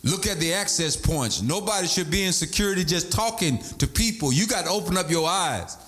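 Man preaching, animated, lively pitch, shouted sing-song emphasis, soft music behind. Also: fairly quick. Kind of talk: sermon.

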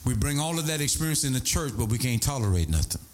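Animated middle-aged male preacher. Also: mid-range voice, fast. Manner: animated preaching with sing-song swells and storytelling asides. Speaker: pastor. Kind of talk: sermon.

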